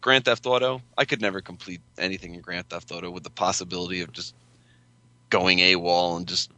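A man's voice: low voice, fairly even intonation, fairly quick, sharp tone, dry recording. A man in casual chat, laid-back and hesitant, full of fillers.

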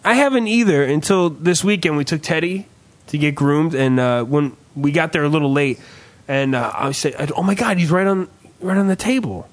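A man with a slightly high voice and lively intonation hosts a casual podcast at normal speed. He delivers a profane comedic rant, telling stories laced with sarcastic asides.

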